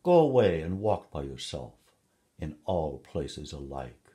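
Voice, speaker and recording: A man reading a story aloud and voicing a wise, firm woman who speaks louder and higher than his narration. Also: very animated, unhurried, full character voice. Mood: firm, mocking. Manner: raised, laughing, commanding.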